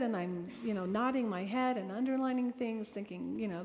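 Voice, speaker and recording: A woman with a somewhat high voice tells a personal story to an audience. She speaks earnestly and emotionally, acting out bits of dialogue as she goes. Her voice rings with the long reverb of a large hall. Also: brisk, few pauses, darkish tone. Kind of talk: personal testimony talk.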